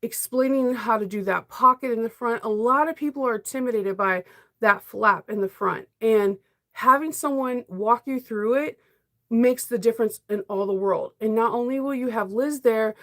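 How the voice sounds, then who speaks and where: A middle-aged woman sewing vlogger chatting casually on a livestream, talkative and quick to laugh. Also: a little high, fairly bright tone. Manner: chatty, laughs often, emotional.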